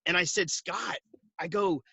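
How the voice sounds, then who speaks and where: A man in his forties telling a story in an interview over a video call, animated and laughing often as he acts out the dialogue. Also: sits high, unhurried, creaky, slightly rough, no echo. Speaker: guest, insurance agency owner. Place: at home.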